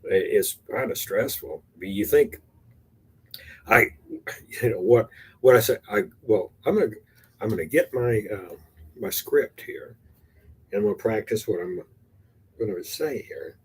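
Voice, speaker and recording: An older man from Texas, rambling and halting as he chats casually and rehearses his stand-up, poking fun at himself. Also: fairly low pitch, expressive, husky. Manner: rambling, halting, self-deprecating. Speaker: amateur stand-up comedian.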